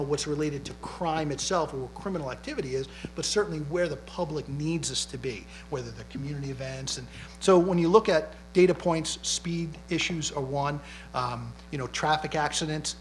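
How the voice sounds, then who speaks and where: A man's voice: on the high side, slight background noise, poor audio. A middle-aged man, a police chief, telling stories and explaining at a public library talk, often tagging lines with "right?". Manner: chatty, tags lines with "right?". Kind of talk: public panel talk, storytelling. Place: library community event.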